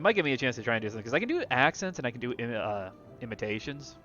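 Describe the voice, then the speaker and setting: A man's voice: medium pitch, very animated, racing, sharp tone. A man streaming a video game, chatting casually and playfully, with asides to his cat at home. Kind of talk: casual gameplay commentary. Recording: dull lo-fi with faint music.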